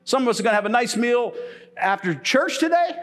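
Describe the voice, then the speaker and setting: A middle-aged man pastor preaching a humorous, animated sermon in church, telling stories and laughing as he goes. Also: very high voice, brisk.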